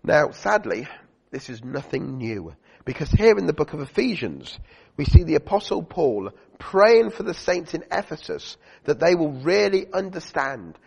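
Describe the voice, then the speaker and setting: A man's voice: a little high, vocal fry, breathy edge. A man preaching a sermon to a congregation, chatty, with fillers and questions to the listeners. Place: church. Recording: dull lo-fi recording in a reverberant church hall.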